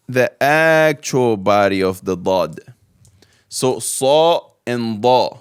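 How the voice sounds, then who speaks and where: The speaker is a man who teaches Arabic, with a clean, mid-range voice. He goes through the alphabet slowly, step by step, patiently repeating each letter sound.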